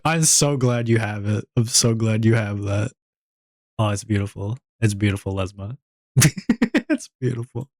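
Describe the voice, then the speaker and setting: A man's voice: flat delivery, normal speed, pauses often, a little mellow, dry recording, studio quality. Giggly rambling male streamer. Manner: giggly, rambling, breaks into high-pitched tittering. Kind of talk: casual chat.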